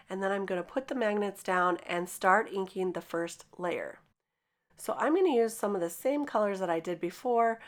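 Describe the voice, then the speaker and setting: A woman who is losing her voice, raspy, explaining a card-making craft tutorial in a chatty, upbeat voice-over. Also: mid-range voice. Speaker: craft video host. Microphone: voice-over mic.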